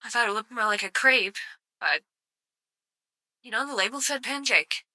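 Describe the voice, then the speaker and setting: Bright, swearing woman streamer. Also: fairly high pitch, normal speed, no echo. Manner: sarcastic, swears freely, mock outrage. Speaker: live streamer. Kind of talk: casual live-stream commentary.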